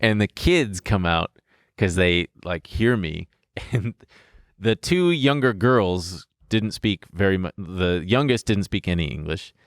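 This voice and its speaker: A young man with a low, smooth voice recounts a story in relaxed podcast chat. He rambles and laughs at himself as he goes. The sound is dry and close. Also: unhurried, no echo. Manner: rambling, self-deprecating, laughs through his story. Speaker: podcast co-host.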